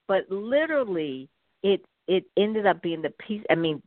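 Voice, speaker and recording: A woman tells her story of faith as an interview guest, lively and given to repeating her points for emphasis. Her voice comes through a narrow, tinny phone line with no room sound, and it sits in an average pitch. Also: moderate pace, no room sound.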